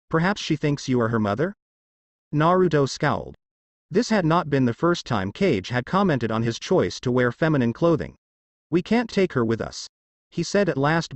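Expressive male fanfiction narrator. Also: mid-range voice, no echo. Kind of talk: fanfiction story reading.

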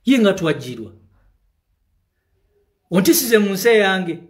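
A man's voice: high-pitched, sing-song, slow pace. A man from Uganda with a Ugandan accent, a musician in a heated, profane rant, switching between English and Luganda. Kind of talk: angry direct-to-camera rant.

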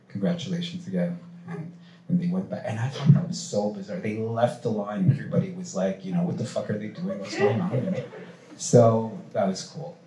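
A man on a panel telling lively stories, acting out the voices of the people he quotes and swearing freely. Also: on the low side, roomy sound, poor audio. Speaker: playwright panelist. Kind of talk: animated storytelling on a panel. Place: cultural institute event hall.

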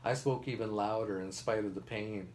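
Man reading a novel aloud, low voice, steady and measured. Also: slight background noise, poor audio. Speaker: reader.

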